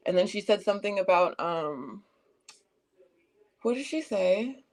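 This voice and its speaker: A young adult woman hosting a stream recounts an argument from chat in a casual, heated way, full of swearing and emphasis. Her mid-range voice is expressive and unhurried.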